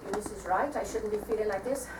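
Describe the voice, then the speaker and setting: A woman playing a worn-down, tearful mother, speaking softly and hesitantly on a live theatre stage. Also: medium pitch, quick pace, natural voice. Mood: weary. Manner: soft, hesitant, self-deprecating. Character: weary depressed mother, tearful and self-doubting. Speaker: amateur stage actor. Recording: echoey theatre stage from far off, faint noise.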